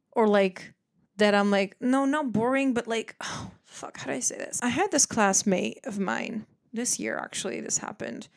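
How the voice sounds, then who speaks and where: A woman in her twenties from the Netherlands, hosting a podcast in casual chat, animated and swearing freely, acting out other people's voices. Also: mid-range voice. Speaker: podcast host.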